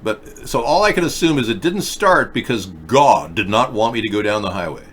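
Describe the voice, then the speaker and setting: A man's voice: lowish voice, big pitch swings, moderate pace, fairly bright tone, slight background noise. A man hosting a casual video chat show, rambling through stories and reading viewer comments aloud. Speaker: show host.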